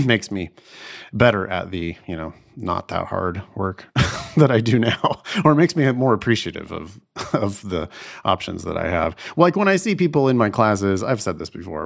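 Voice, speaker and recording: A young man talking casually as a podcast co-host, relaxed and reflective, often laughing as he talks. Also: low-pitched, creaky. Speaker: podcast co-host, LSAT tutor. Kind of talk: casual chat.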